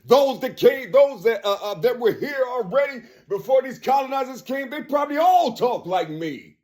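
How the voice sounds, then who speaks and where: A man's voice: expressive, normal speed. A man talking straight to camera in a rambling monologue, constantly adding "you see" and "you know," restarting phrases and breaking into laughs. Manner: laughs between phrases, drops suddenly low and quiet. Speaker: vlogger.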